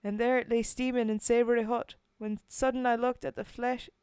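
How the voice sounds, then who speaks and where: Woman doing a Scottish accent, booming dramatic recitation, higher voice, dry room. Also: little pitch movement, fairly quick, clear, resonant tone, no echo, lightly acted. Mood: rousing. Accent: put-on Scottish. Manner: loud, rolling, dramatic recitation. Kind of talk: dramatic poetry reading.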